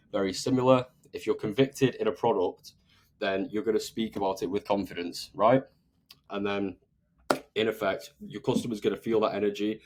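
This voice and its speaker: A young man coaches on sales in a fast, emphatic monologue. His voice sits slightly low, and his pitch climbs when he gets excited. He lands point after point with a punchy "okay?". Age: 20s. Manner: energetic, emphatic, often tags "okay?". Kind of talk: motivational talk to camera.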